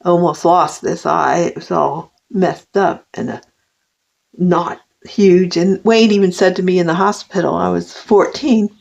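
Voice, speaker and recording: A woman's voice: fairly low pitch, unhurried, creaky, a little mellow. An older woman talking straight to camera in a personal vlog, rambling and heartfelt, with frequent restarts. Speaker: vlogger. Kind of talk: personal confessional monologue. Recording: dull lo-fi recording.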